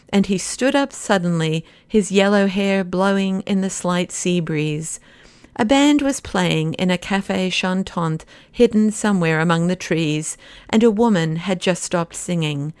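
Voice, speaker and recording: A woman narrating a classic novel as an audiobook reader, in a measured, even storytelling manner on a close mic. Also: fairly low pitch, clear, resonant tone, no room sound.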